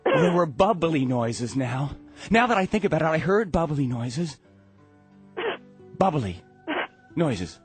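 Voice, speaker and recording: A man telling a comic family story in a theatrical way, swinging from loud to hushed. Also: on the high side, lively intonation, normal speed, husky, faint music behind.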